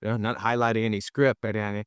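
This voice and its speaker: Low-voiced reflective male co-host. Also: little pitch movement, quick pace, clean tone, dry recording, clean studio sound. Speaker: podcast co-host. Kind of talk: casual conversation.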